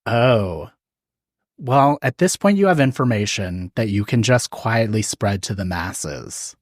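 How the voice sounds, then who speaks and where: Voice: mid-range voice, animated, unhurried, no echo, studio quality. A podcast host reacting in casual chat, speaking hesitantly and laughing often.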